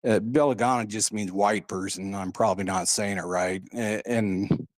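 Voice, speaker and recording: A man's voice: lowish voice, fairly even intonation, moderate pace, no echo, clean studio sound. A man telling a personal story in a casual, rambling way, full of "uh" and "and, uh". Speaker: guest recounting a paranormal experience.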